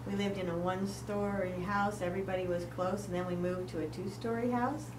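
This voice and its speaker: A woman's voice: medium pitch, fairly even intonation, brisk. A woman in a class, sharing a personal story in a chatty, anecdotal way. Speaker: class participant. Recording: roomy, distant mic, faint hum.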